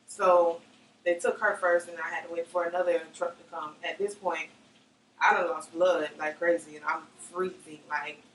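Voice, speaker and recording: A woman's voice: on the low side, little pitch movement, normal speed, a bit bright. A young woman giving an emotional personal testimony, often acting out what others said. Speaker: interviewee. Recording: roomy, slightly distant mic with faint noise.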